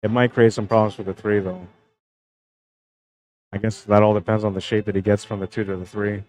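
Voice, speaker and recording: This Canadian pool tournament streamer keeps things relaxed and chatty as he narrates a match live, calling shots and welcoming viewers by name in turn. He's young, his voice sits fairly low, his pace is brisk, and the audio quality is low.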